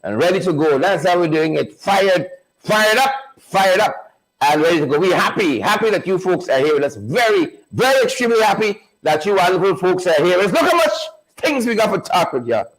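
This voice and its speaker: A man's voice: sits high, sing-song, brisk, rough recording. A man hosting a live online show, repeating phrases and hyping up viewers he greets by name. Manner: repetitive, hype-building, calls out viewers by name. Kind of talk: energetic live-stream chat, greeting viewers.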